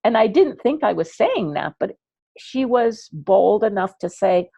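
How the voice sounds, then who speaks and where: A woman coaching parents in an online class, chatty and animated, acting out little dialogues as she explains. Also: medium pitch, normal speed, creaky, slightly rough, dry recording, lo-fi sound. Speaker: ADHD coach teaching parents.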